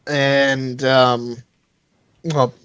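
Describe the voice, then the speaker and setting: A man's voice: medium pitch, flat delivery, extremely slow, fairly bright tone, clear, resonant tone, no room sound, lo-fi sound. A man chatting casually as a podcast guest, rambling and self-deprecating, with many fillers and restarts. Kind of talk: casual chat over a call.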